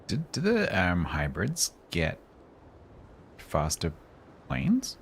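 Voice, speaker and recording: A man streaming live gameplay and commenting as he plays, chatty and breaking into sudden excited exclamations. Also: sits low, slow, gravelly, a little hiss or hum. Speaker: game streamer.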